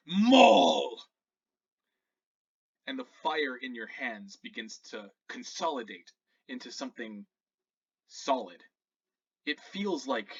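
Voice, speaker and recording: Guy running a tabletop game, bright husky voice, lo-fi mic, dramatic narrating. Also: medium pitch, recorded from a distance. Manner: dramatic storyteller, shifting loud and hushed. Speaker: game master.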